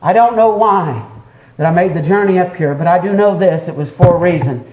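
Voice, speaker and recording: Preacher, high chanted sermon. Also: male voice, brisk, a little mellow. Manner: rises into chanted, sing-song preaching; fervent, addresses listeners by name. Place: church sanctuary. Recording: echoey church room.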